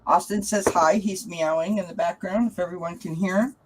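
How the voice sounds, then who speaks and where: A woman's voice: lowish voice, fairly even intonation, moderate pace, noisy background. A chatty woman hosting a live tarot reading stream, greeting viewers, laughing often and cooing to her cat. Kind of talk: casual live-stream chat.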